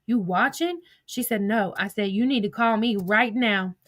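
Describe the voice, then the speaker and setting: A woman's voice: mid-range voice, normal speed, fairly bright tone, dry recording, studio quality. A woman telling a story in a casual way, reading out old text messages with blunt, profane asides. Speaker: commentator recounting drama.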